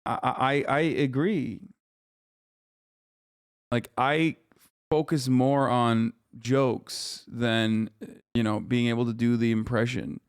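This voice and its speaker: A man's voice: medium pitch, fairly even intonation, slow, clear, resonant tone, dry recording, clean studio sound. A man in his thirties streaming live, reacting bluntly with emphatic, profane asides.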